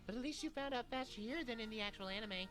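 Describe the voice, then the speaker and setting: A woman voicing a blunt, deadpan young woman in a comedic abridged dub. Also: on the high side, quick pace, loud music behind the voice, close to an everyday voice. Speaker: voice actor in a fan abridged series.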